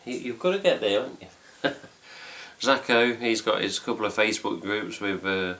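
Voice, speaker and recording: A man's voice: on the low side, moderate pace, gravelly, a bit bright. A middle-aged man with an English accent, rambling casually to camera at home as host of a fan news video, swearing lightly as he goes. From England. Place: home room with cats.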